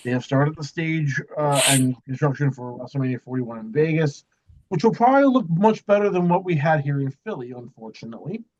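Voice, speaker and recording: Male co-host, casual chat, relaxed, higher-pitched, dull lo-fi audio. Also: brisk. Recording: muffled lo-fi audio.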